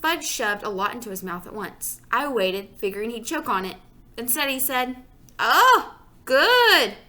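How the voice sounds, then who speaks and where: A woman reading a children's chapter book aloud, stopping now and then to chat with her listeners. Her voice is high, bright and very expressive. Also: moderate pace. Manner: chatty asides to listeners. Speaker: storyteller.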